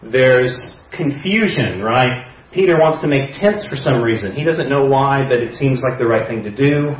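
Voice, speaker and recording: A man's voice: medium pitch, moderate pace. Preacher guy telling a story casual like, far from the mic, sounds dull. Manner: storytelling with imagined dialogue, conversational. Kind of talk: sermon. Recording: echoey hall, distant mic, dull sound.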